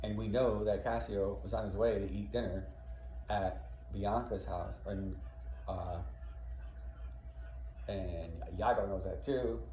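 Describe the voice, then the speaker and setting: A man's voice: fairly low pitch, fairly even intonation, slow pace, long pauses, warm tone. Male teacher, casual play walkthrough, plain-spoken paraphrasing, roomy echo, faint noise behind. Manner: reads lines aloud, then paraphrases in plain slang. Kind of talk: casual literature lesson, explaining a play scene by scene. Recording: echoey room, faint background noise.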